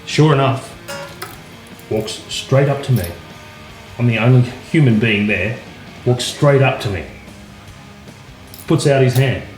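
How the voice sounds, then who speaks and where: A man, a guitarist telling anecdotes in a relaxed, casual way with plenty of fillers. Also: mid-range voice, measured pace, pauses often. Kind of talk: casual interview storytelling. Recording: roomy echo, faint music.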